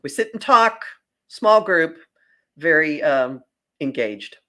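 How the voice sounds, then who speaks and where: A woman co-hosting a talk show as an astrologer, giving measured, matter-of-fact commentary. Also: low-pitched, lively intonation, fairly bright tone. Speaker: astrologer co-host. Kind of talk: casual chat.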